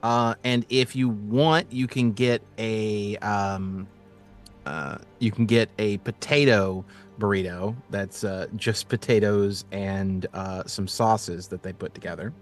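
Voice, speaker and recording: A man narrating as game master for a tabletop game, in a relaxed, halting way with frequent fillers. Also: fairly low pitch, soft background music.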